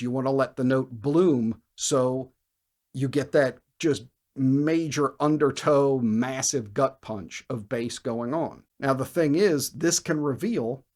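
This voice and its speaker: Man, bass lesson host, energetic explainer, scats riffs, counts beats, average pitch. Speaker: bass teacher. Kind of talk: instructional video lesson.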